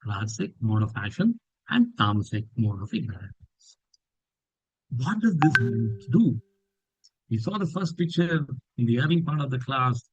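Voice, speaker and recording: A man teaching a scripture class, telling a story with lively swings in his voice for quoted lines. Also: no echo, muffled recording. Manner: animated storytelling that lifts pitch for quoted lines. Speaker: spiritual teacher.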